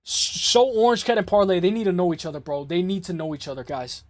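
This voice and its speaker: High-pitched guy on a live mma stream, casual, swearing, reading chat. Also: animated, fast, no echo. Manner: loose, swearing, reads chat aloud.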